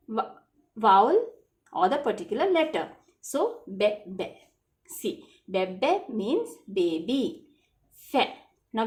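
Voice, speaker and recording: A woman teaches French to children, spelling out letters and repeating each word patiently. She talks slowly, and her pitch swings up and down in a lively way. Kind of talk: classroom lesson for children.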